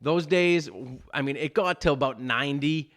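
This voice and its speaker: A man's voice: fairly high pitch, normal speed, fairly bright tone. A man, telling a long, profane, rambling story in casual podcast chat. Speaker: podcast host.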